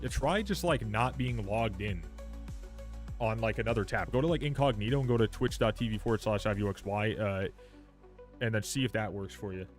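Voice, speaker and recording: A man's voice: on the low side, brisk, faint music behind. Young male streamer, swears freely. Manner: swears freely, reacts loudly, reads patch notes aloud. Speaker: livestreamer. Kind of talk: casual live game stream.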